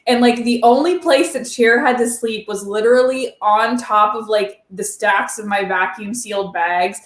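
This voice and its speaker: A woman's voice: a little high, moderate pace, roomy sound. A woman hosting a casual chat, talking loosely with a lot of "like" and laughing easily. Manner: chatty, lots of "like", laughs easily. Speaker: channel host.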